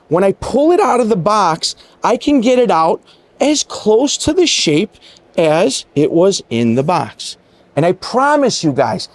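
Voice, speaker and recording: A man's voice: high voice, darkish tone. A middle-aged man, a chef giving an enthusiastic, chatty cooking demonstration and talking straight to his viewers.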